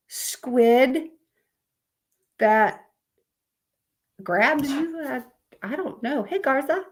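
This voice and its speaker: A woman, chatting casually on a live stream, reading out fun facts to viewers in a rambling, sleepy way. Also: sits high. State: sleepy, yawning.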